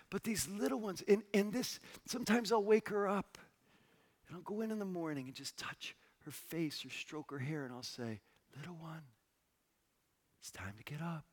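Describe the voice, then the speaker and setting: Husky, lively pastor preaching a sermon. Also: male voice, a little high. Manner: tender, dropping to a soft hush for quoted words.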